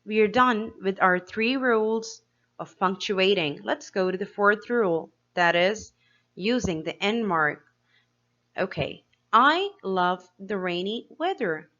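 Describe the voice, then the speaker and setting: A woman teacher giving a slow, clear grammar lesson to young pupils, asking them questions as she explains each step. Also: mid-range voice, animated, pushed and bright, muffled recording. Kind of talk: grade-school grammar lesson.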